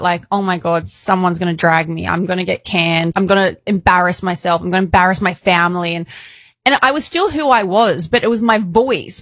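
A woman in her thirties co-hosting a podcast, telling stories in an animated, teasing way with lots of laughter. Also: mid-range voice, no room sound. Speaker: podcast co-host. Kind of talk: casual storytelling chat.

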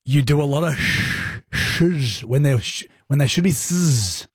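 A man's voice: on the high side, measured pace, slightly rough, dry recording. A man, co-hosting a radio show in playful banter and laughing often. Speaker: radio co-host.

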